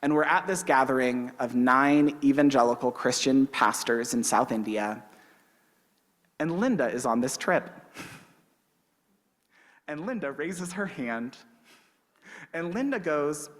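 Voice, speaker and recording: A man's voice: medium pitch, slow pace, long pauses, a bit bright. Young man preaching in a reverberant sanctuary. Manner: conversational, personal storytelling with light humor. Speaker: minister. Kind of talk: storytelling sermon. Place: church sanctuary.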